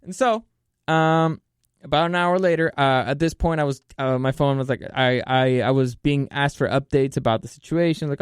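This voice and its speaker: A man's voice: mid-range voice, fairly even intonation, normal speed, clear, resonant tone, no room sound, studio quality. A man telling a story in a casual monologue, rambling and swearing, often restarting his sentences. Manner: rambling and profane, with many restarts and fillers. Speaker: vlogger telling a personal story. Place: California.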